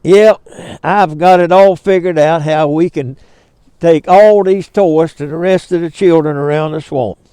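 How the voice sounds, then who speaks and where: An older man with a Georgia Southern accent voicing an excited, bright young swamp boy in a folksy story. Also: a little high, smooth, dry recording, natural voice. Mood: eager. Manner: excited, quick to explain.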